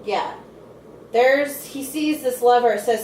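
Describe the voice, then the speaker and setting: A woman's voice: fairly high pitch, a little slow, darkish tone. A woman co-hosting a casual chat, animatedly retelling scenes and acting out the quotes. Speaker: podcast co-host. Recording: roomy, distant mic with faint noise.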